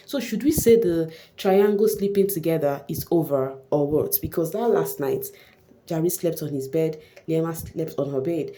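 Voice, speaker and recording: A woman vlogger with a chatty, animated manner, recapping a reality show in casual gossip commentary. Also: low-pitched, normal speed.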